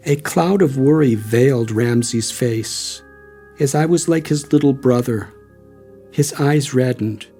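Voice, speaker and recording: Older american guy reading his memoir, super slow, mellow, soft music under. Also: mid-range voice. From United States. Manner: calm, measured, reflective. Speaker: author narrating his memoir. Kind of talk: audiobook narration. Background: faint music.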